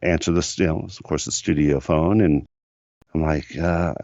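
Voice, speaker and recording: At a normal pace and with fairly even intonation, a middle-aged American producer shares rambling studio anecdotes on a podcast, full of fillers and easygoing. His deep, low voice is a little mellow, recorded dry and a touch dull without echo.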